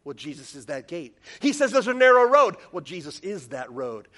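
A male pastor with a bright, high voice delivers a sermon in an animated, self-deprecating way. He tells stories and breaks into squeaky comic quotes, and his tone swings between playful and earnest. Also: normal speed. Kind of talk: sermon with storytelling.

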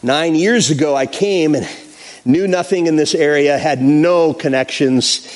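A pastor telling a personal story in a sermon, acting out the quotes in an animated way. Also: male voice, on the high side, measured pace.

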